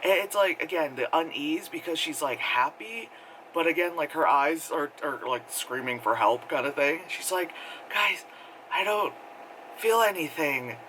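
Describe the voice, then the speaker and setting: Bright-voiced rambling man reviewing a film. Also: a little high, moderate pace, a little hiss or hum, low-quality recording. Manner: rambling, filler-heavy, laughs often, mimics characters. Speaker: movie reviewer. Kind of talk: casual spoken film review.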